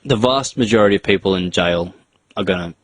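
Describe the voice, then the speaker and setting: A man's voice: low-pitched, brisk, no echo. A man co-hosting a casual podcast chat, joking and laughing through the banter.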